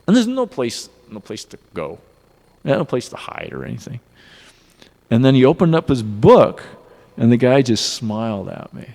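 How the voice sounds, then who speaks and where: A man giving a devotional class in a temple hall, telling personal stories in an earnest, animated way. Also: medium pitch, normal speed. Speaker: class speaker. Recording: long reverb of a hall.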